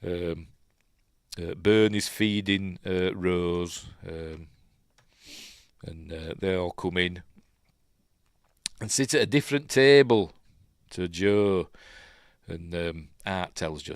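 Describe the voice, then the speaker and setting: A man's voice: sits low, slow, pauses often, no room sound, studio quality. A man with a Yorkshire accent hosting a casual film breakdown, rambling and emotional, full of ums and uhs. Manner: emotional, chatty. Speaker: film review host.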